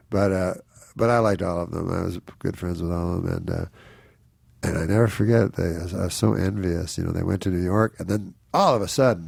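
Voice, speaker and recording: Low gravelly guy rambling thru a funny story, dry close mic. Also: darkish tone, dry recording. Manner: rambling anecdotes, acts out quoted people in higher voices, chuckles. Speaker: comedian guest. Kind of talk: casual storytelling chat.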